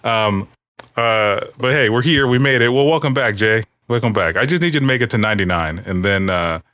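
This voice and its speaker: A man's voice: fairly low pitch, animated, brisk, pushed and bright, no echo. A man hosting a casual podcast, joking and rambling with his co-hosts and laughing often. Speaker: podcast host.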